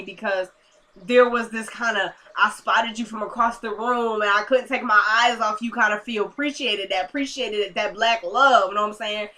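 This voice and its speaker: Facing the camera, a young TV episode reviewer gives a casual, chatty recap in a bright, forward voice. When retelling scenes she voices the characters, going low and quiet, then pops back up to share her own take.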